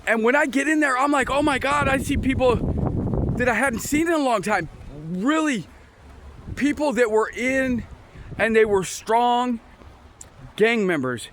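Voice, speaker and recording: A man's voice: very high-pitched, animated, measured pace, long pauses, fairly bright tone. A man telling his life story in a casual, rambling way, restarting sentences and acting out the conversations he recalls, recorded outdoors on a windy day. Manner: rambling, restarts, acts out quoted exchanges. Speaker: storyteller sharing his testimony. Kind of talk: casual personal testimony.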